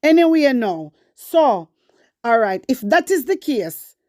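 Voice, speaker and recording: A woman's voice: sits high, very animated, takes it slowly, a little mellow, dry recording, studio quality. A woman with a Jamaican accent hosting her own commentary channel, talking politics in a fiery, preachy way and often asking her viewers if they understand. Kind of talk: casual political rant.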